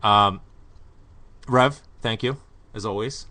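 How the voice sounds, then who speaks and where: A man's voice: fairly low pitch, takes it slowly, crowd noise. A man hosting a podcast in casual soccer chat, rambling with fillers and putting on an East London accent. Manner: rambling, lots of fillers and restarts. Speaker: podcast host.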